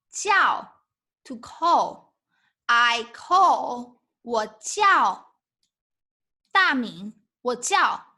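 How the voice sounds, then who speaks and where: A woman with a Mandarin Chinese accent, a native Mandarin speaker teaching Mandarin in a live online lesson, switching between English and Mandarin with emphatic, lively delivery. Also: high-pitched.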